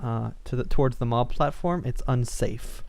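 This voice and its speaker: A man's voice: mid-range voice, moderate pace, creaky, a little mellow. A man hosting a let's play, chatting casually and telling a rambling story with frequent chuckles. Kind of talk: casual gaming chat.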